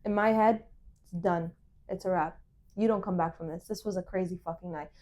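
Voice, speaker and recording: A young woman hosting a podcast, telling a dating story in casual chat, animated and swearing as she acts out the dialogue. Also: lowish voice, a little fast. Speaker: podcast host.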